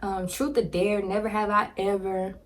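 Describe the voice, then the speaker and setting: A woman in her twenties, a vlogger telling a casual story to a phone camera, slangy and animated, laughing as she talks. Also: medium pitch, normal speed. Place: indoors, home filming with ring light.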